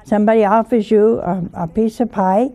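A woman's voice: medium pitch, steady tone, normal speed, dark tone. A woman giving an informal sermon in a folksy way, often asking her listeners rhetorical questions. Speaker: religious teacher.

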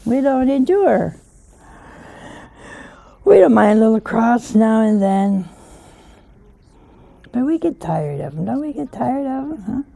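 A woman's voice: on the high side, big pitch swings, takes it slowly, vocal fry, pauses often, dark tone. A woman giving an informal sermon in a folksy way, often asking her listeners rhetorical questions. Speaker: religious teacher.

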